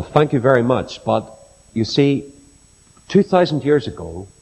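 A middle-aged man preaching a sermon, telling stories slowly and earnestly and building to solemn emphasis. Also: mid-range voice, darkish tone. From Ireland. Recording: long reverb of a large hall.

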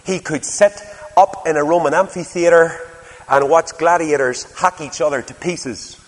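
A man's voice: on the high side, moderate pace. An older man preaching a sermon, telling stories animatedly and asking his listeners rhetorical questions. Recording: long hall reverb.

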